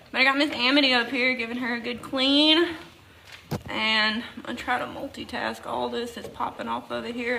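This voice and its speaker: A goat farmer with a Southern accent runs a laid-back livestream from the barn, exhausted from lack of sleep, saying hello to viewers by name while working. Her voice is on the high side, pushed and bright, with vocal fry. Slight background noise and poor audio mark the recording.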